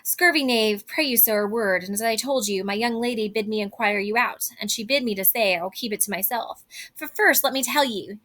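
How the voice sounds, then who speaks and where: A woman's voice: on the high side, a little fast, a bit bright. A woman reading the part of a fussy, indignant old nurse in huffy old stage verse.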